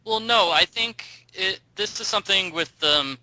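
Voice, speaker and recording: A man's voice: high-pitched, normal speed, bright, forceful tone, a little hiss or hum, rough recording. A man hosting a casual chat, digressive and talkative, thinking aloud with frequent ums.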